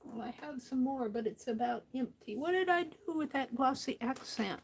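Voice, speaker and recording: A woman hosting a craft stream, talking casually to herself as she works, often trailing into soft near-whispers. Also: sits high, lively intonation, normal speed, slight background noise, poor audio. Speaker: craft livestream host. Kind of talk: casual craft talk while working.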